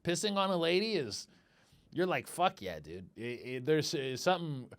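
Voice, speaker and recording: A man's voice: on the high side, animated, moderate pace, smooth. A man hosting a comedy podcast, rambling crudely and acting out little quoted exchanges. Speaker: podcast host.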